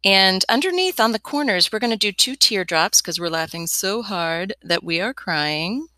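A woman's voice: mid-range voice, animated, normal speed, bright, forceful tone, no echo. A young woman teaching a step-by-step drawing lesson as an art teacher, chatty and encouraging with playful asides.

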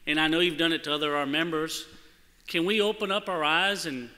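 A man preaching a sermon in a church and telling a personal story, animated and acting out the voices in it. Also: on the high side, fairly quick. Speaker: church speaker. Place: church sanctuary. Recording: church hall with long reverb.

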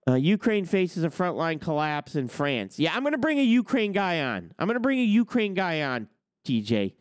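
A man's voice: on the high side, very animated, normal speed, clean tone, dry recording, clean studio sound. A man hosting a trucking business show, ranting on a livestream and firing off rhetorical questions. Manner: argumentative, fires off rhetorical questions. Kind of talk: livestream rant.

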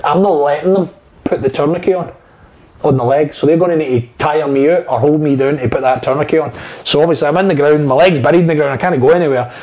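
A man, talking loosely and profanely about his acting work, circling back through his stories with lots of fillers. His voice sits a bit on the high side for a man. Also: quick pace, darkish tone, low-quality recording. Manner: rambling, profane storyteller with many fillers. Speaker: actor guest. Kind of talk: casual anecdotal chat.

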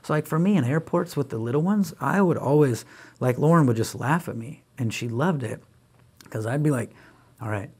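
A man's voice: medium pitch, fairly quick, husky. A man who is a guest on an interview podcast, talking with energy and acting out bits of dialogue as he tells stories about his kids. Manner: animated storyteller who acts out dialogue in voices; energetic, emphatic, with frequent restarts. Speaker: guest speaker and author.

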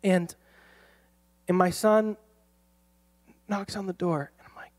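A man's voice: sits high, slow pace, pauses often. Storytelling man preaching a sermon. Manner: storytelling, animated, laughs often. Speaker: pastor. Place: church.

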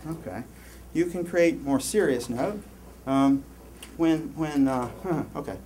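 A man giving a university lecture, rambling and animated, with many restarts and asides to the class. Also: a little high, slow, slight background noise. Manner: animated, rambling, lots of self-interruptions. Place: lecture hall.

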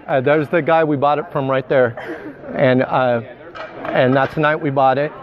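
A man, a poker player, telling a story in a casual interview, rambling with many fillers and restarts. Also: a little high. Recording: dull lo-fi sound.

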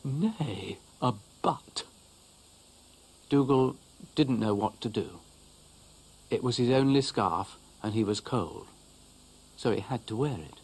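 A man's voice: lowish voice, a little slow, pauses often, a little mellow, breathy edge. A man narrating a children's cartoon in a dry, understated storybook manner.

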